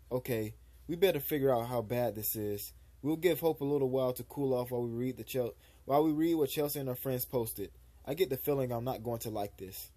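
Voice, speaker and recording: Young male streamer, mellow tone, casual read-aloud of game dialogue with occasional stumbles. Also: mid-range voice.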